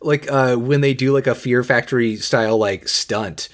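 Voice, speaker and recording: A man co-hosting a casual podcast, recapping scenes in a hesitant, deadpan way full of filler words. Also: mid-range voice, normal speed. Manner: hesitant, many ums and uhs, deadpan. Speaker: podcast co-host. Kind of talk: casual chat.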